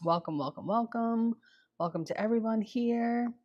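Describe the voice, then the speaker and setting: A woman's voice: a little high, normal speed, a little mellow, muffled recording. A woman hosting her own live stream, chatting casually with lots of ums and repeated greetings. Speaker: livestream host.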